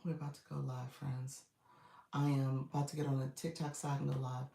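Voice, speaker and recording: A woman's voice: very deep voice, flat delivery, brisk, gravelly, mellow, recorded from a distance. A woman coach chatting casually and encouragingly with her livestream viewers, still in her groggy morning voice. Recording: echoey room, away from the mic.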